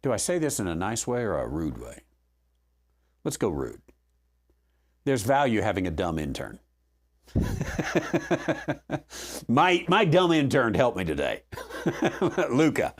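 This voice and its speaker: A man's voice: mid-range voice, wildly swooping pitch, measured pace, long pauses. A man teaching verse by verse through a Bible book in a conversational way, with frequent fillers and restarts and a dry sense of humor.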